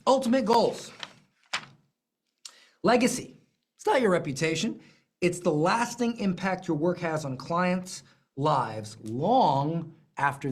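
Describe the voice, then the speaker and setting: Teaching live, this business coach sounds emphatic and lively, repeats phrases and pokes fun at themselves along the way, speaking at a medium pitch with a breathy edge.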